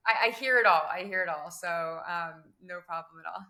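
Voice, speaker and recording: A young woman answering interview questions about her work in finance, measured and full of "um" and "kind of". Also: fairly low pitch, sharp tone. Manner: measured, many fillers and hedging phrases. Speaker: guest, crypto business development director.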